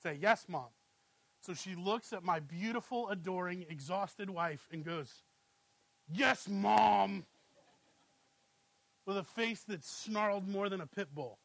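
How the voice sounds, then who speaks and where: A man in his thirties preaches in a relaxed, conversational way, asking "right?" again and again. His voice sits high for a man. The sound is dry and close. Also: normal speed, hardly any pauses, dry recording, low-quality recording. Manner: conversational, asks "right?" often, animated when storytelling. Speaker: pastor. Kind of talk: sermon with family anecdotes.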